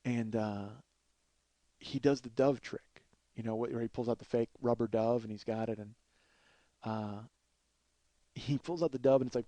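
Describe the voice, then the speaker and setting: A man in his forties, a comedian and podcast host, telling a profane comic story in an animated way, swearing often and laughing as he goes. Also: mid-range voice, normal speed, pauses often, no echo. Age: 40s.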